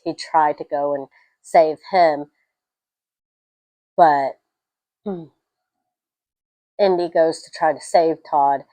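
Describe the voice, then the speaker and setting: A woman chatting through a film review, emotional and quick to laugh. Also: low voice, dry recording, low-quality recording. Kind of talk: casual spoken film review.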